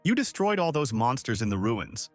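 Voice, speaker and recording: Man voicing a flattering viscount, ingratiating, lively pitch, faint music. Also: normal speed, close to an everyday voice. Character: fawning middle-aged male viscount host.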